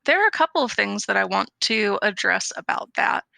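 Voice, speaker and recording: Gravelly, bright-voiced woman podcast host. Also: medium pitch, lively intonation, brisk, dry recording. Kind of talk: casual podcast chat.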